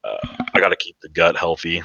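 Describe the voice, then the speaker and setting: A man's voice: low voice, lively intonation, fairly quick, creaky, bright, forceful tone, no room sound, highs cut off. A young man from Canada, a podcast guest and former pro player, telling stories in casual chat full of fillers and swearing. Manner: rambling, heavy filler words, swearing.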